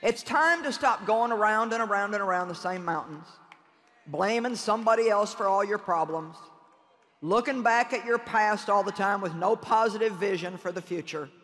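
A woman's voice: medium pitch, normal speed, fairly bright tone. A woman preaching a sermon to a conference crowd, addressing listeners directly and emphatically with laughing asides. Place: large conference hall. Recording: long reverb in a large hall.

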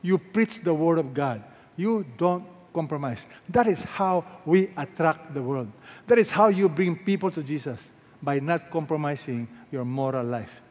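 In a large church hall with long reverb, a pastor with a Filipino accent preaches a sermon. His fairly high, slightly mellow voice moves a little slowly as he emphatically repeats phrases and fires rhetorical questions at the congregation.

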